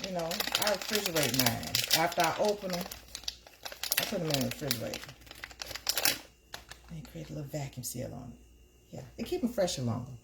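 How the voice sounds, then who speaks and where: A woman's voice: sits low, animated, normal speed, vocal fry, long pauses. A middle-aged woman hosting a casual live stream from her kitchen, talking to her viewers in a chatty, repetitive way. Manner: chatty, talks to the chat as "y'all", repeats herself. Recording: noisy home stream with crinkling.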